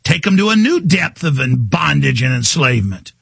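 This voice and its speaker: A man's voice: fairly high pitch, sing-song, normal speed, gravelly, fairly bright tone, slightly rough, no room sound, pitched below the performer's own voice, heavily acted. A male radio host putting on a sneering, scornful elite ruler who gloats while mocking the public. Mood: gloating.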